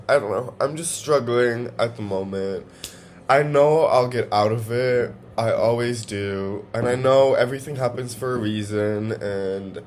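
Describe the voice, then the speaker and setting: A young man vlogging from home, talking in a halting, emotional way and swearing often. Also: medium pitch, a little hiss or hum. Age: young adult. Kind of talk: confessional personal vlog.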